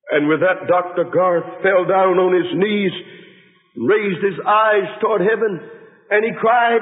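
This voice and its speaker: A man's voice: high-pitched, a little slow. A male pastor telling a story in a dramatic sermon in a large church hall. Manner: dramatic, dynamic delivery. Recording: tinny lo-fi audio, long hall reverb.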